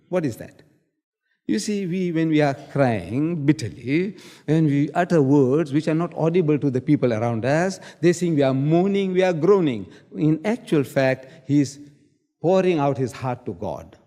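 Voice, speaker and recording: In a lecture hall with big-room acoustics, a man with a dark, somewhat high voice argues in a public debate. He's emphatic, quoting scripture and driving his points home by repeating key words.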